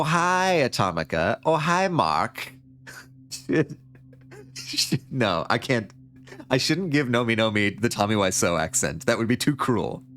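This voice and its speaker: A man with a medium-pitched, fairly bright voice livestreams a story game, reading it aloud and joking along. As a streamer, he rambles casually and laughs often.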